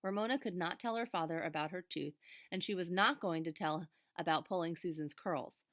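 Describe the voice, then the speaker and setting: Low-voiced woman reading a storybook aloud. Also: a little fast, no echo, studio quality. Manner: steady, expressive reading.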